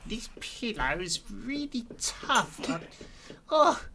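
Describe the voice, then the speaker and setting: A woman voicing a small, bewildered male goblin who stammers in a squeaky voice during a tabletop game. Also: big pitch swings, takes it slowly, gravelly, pushed and bright, slight background noise, exaggerated voice. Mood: startled.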